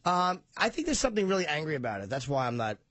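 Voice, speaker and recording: A man hosting a talk show talks fast in a slightly high voice, bantering bluntly and mocking himself. His voice is dry and close, with no room sound around it. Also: sing-song, fairly bright tone, no room sound. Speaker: radio show host. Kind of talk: casual comedy chat.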